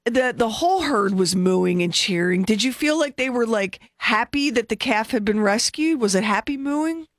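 A woman co-hosting a morning radio show, quick and teasing as she chats with a caller. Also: a little high, animated, dry recording. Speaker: radio co-host.

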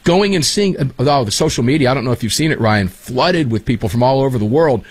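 A man hosting a casual talk show, telling animated, enthusiastic stories. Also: mid-range voice, quick pace, slightly rough, no room sound. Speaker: show host.

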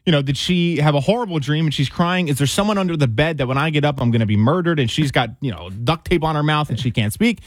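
A man's voice: fairly high pitch, expressive, fast, few pauses, dry recording. A young man, radio show co-host, telling a story in casual chat and acting out his own reactions.

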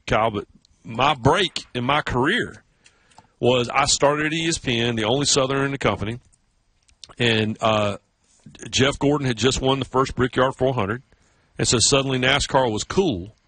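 A man's voice: brisk, slightly rough, no echo. A middle-aged man from South Carolina with a Southern accent, telling stories as a radio sports host. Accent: Southern American. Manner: animated storyteller, breaks into high mocking voices for others. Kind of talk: casual radio chat.

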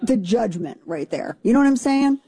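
A woman's voice: a little high, expressive, normal speed, mellow. A woman in her forties, co-hosting a casual on-air chat, telling stories with self-mocking asides. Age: 40s. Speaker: radio show co-host.

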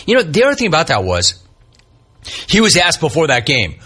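Male sports talk host, heated mocking monologue, lively bright delivery. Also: a little high, brisk, pauses often, slightly rough. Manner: ranting, sarcastic, mocking.

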